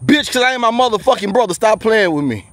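A man's voice: sits high, expressive, quick pace. A man, talking to the camera in a preachy rant while walking outdoors on a bayou trail, sweaty and short of breath. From USA. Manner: loud, preachy rants with frequent laughs. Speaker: vlogger. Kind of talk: walking vlog monologue. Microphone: handheld camera while walking.

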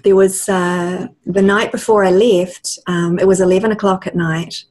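A woman guest on a video-call interview, telling a personal story in a lively way and laughing often. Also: fairly low pitch, normal speed. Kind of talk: casual storytelling.

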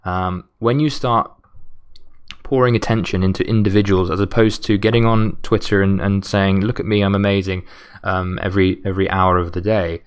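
A man's voice: low voice, fairly even intonation, moderate pace, clean tone. A man hosting a solo podcast, giving advice in an earnest, motivational way while sounding tired and losing his voice. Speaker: podcast host.

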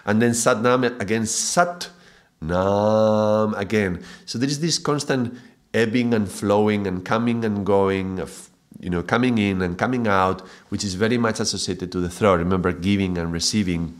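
A man with a lowish voice, speaking at a normal pace, gives a spoken yoga and mantra lesson on video. He reflects thoughtfully, though he sometimes breaks into laughing, excited bursts.

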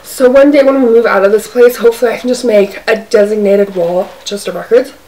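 A woman's voice: fairly high pitch, a little fast, a little mellow. Chatty woman vlogging from across the room. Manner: chatty, fills speech with "like". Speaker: mukbang vlogger. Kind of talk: casual chat while eating. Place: apartment, by her bed. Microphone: camera's own mic, zoomed out. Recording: distant camera mic, faint hiss.

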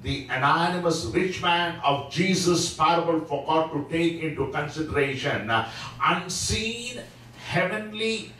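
A man teaching a Sabbath School lesson in a church, preaching slowly and emphatically with frequent fillers. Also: on the high side, expressive, fairly bright tone, slight background noise. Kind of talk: church Bible-study sermon. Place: church hall. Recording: echoey hall, mic at a distance.

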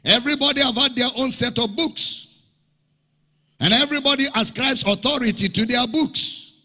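Sing-song preacher in a big hall. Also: male voice, extremely high pitch, normal speed, bright, forceful tone. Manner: emphatic, repetitive rhetorical questions, sing-song preaching cadence. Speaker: pastor. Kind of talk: sermon. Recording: large hall reverb, faint music behind.

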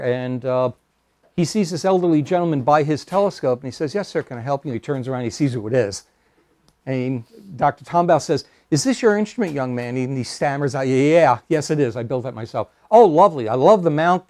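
A man lecturing to a local astronomy club, his voice sitting at an ordinary middle pitch. He speaks casually and haltingly, filling pauses with "uh" and dropping wry little asides. The sound is dry and close, with no room echo. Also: a little mellow. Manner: hesitant, many fillers, wry asides. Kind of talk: public lecture with slides. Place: meeting room.

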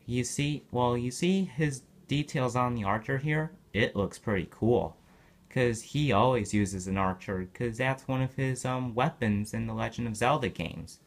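A man's voice: medium pitch, unhurried. A man casually narrating a toy unboxing, rambling and repeating himself as he goes.

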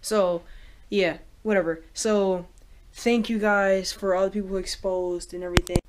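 A woman vlogging casually, rambling with many fillers and getting excitable. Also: medium pitch, normal speed. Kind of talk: casual reaction vlog.

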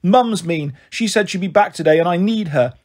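A man's voice: sits high, normal speed, darkish tone. A man voicing a whining, complaining little boy. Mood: whiny.

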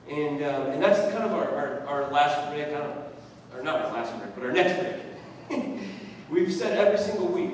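A man's voice: on the high side, far from the mic, a little hiss or hum. A man preaching a sermon as pastor, telling a personal story in a loose, conversational way. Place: church hall. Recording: echoey hall, voice from afar.

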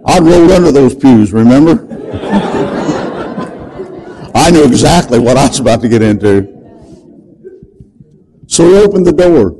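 An older man preaching, telling a story dramatically and shouting the commands he quotes. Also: medium pitch, animated, unhurried, long pauses, slight background noise, low-quality recording. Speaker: deliverance preacher. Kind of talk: storytelling sermon.

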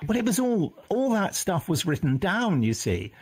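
Animated man telling stories. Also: high voice, normal speed, husky. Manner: animated, acts out voices when quoting people. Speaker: voice actor guest. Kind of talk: anecdotal interview storytelling.

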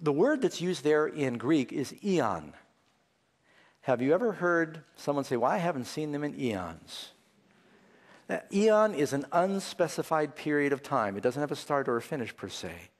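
Middle-aged male preacher in reverberant hall. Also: moderate pace. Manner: animated, rhetorical questions, pitch leaps for emphasis. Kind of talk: sermon.

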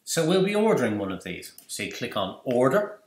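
In a screen-recorded software tutorial, a man talks chattily, posing questions and then answering them himself as he explains. His mid-range voice moves briskly with big swings in pitch, and the room gives it a roomy echo.

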